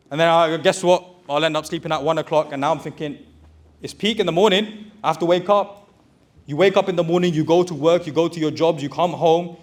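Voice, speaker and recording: A man's voice: fairly high pitch, fast. Fired-up man giving a motivational talk. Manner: conversational, addresses the crowd directly with slang like "man" and "boys". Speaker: motivational speaker. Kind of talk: motivational talk to a live audience.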